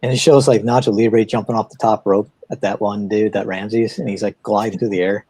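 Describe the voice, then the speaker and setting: Mellow-voiced man telling rambling stories. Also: fairly low pitch, brisk, breathy edge. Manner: rambling storyteller, animated retelling of anecdotes. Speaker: co-host of an art livestream. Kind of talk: casual chat.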